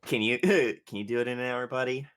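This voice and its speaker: A man's voice: medium pitch, a little fast, a bit bright, clear, resonant tone, close to an everyday voice. A man voicing a swaggering, brash woman ship captain who teases her crew bluntly. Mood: teasing. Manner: teasing, blunt, playful.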